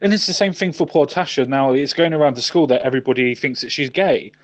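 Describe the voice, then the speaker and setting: A man's voice: mid-range voice, fast. A man co-hosting a casual chat, emphatic, repeating his points and swearing casually. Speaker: co-host.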